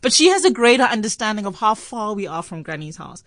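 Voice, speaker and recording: A South African woman radio host telling a story in an animated way, acting out the voices in it and laughing often. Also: mid-range voice, fast talker, hardly any pauses, no room sound.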